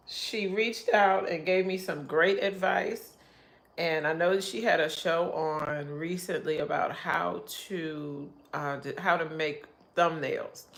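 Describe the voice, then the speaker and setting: A woman's voice: lowish voice, gravelly. A middle-aged woman hosting a casual livestream, chatting in a rambling way and laughing often. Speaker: livestream host.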